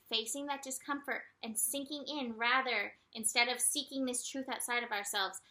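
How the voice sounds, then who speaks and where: A woman giving a casual spiritual astrology and tarot forecast in a gentle, soothing way, with light laughs and animated asides. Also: a little high.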